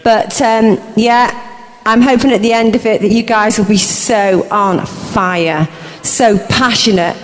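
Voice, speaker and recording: A woman preaching a charismatic sermon, impassioned, moving between hushed murmurs and roaring shouts. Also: on the high side, fairly even intonation, a little slow, a little hiss or hum. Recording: echoey hall reverb.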